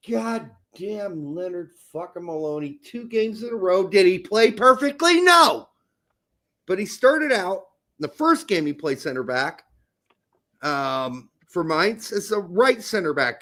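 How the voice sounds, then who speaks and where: A man co-hosting a casual soccer podcast, animated, jokey and swearing freely. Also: high voice. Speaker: podcast co-host. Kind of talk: casual sports chat.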